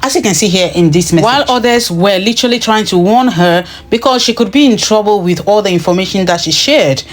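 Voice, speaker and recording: A woman's voice: medium pitch, fast. A woman giving an earnest, dismayed news commentary to her viewers. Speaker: vlogger.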